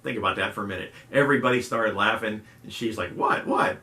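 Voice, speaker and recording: A man's voice: on the low side, fast. A middle-aged man, a youth pastor hosting a casual devotional talk, telling folksy stories and acting out voices. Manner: folksy storyteller, animated quoted voices. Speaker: youth pastor and video host. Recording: roomy echo.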